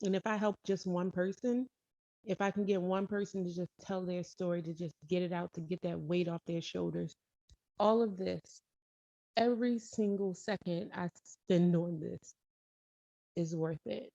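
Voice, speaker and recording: A storytelling vlogger with a fairly low, warm voice shares a personal story at a moderate pace, her intonation fairly even and touched with vocal fry. She rambles casually, correcting herself and tossing in emphatic asides, on a dull, dry lo-fi recording.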